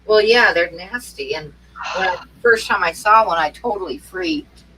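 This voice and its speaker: Bright, calm matter-of-fact woman. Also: on the low side, moderate pace, distant mic, a little hiss or hum, rough recording. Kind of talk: casual chat.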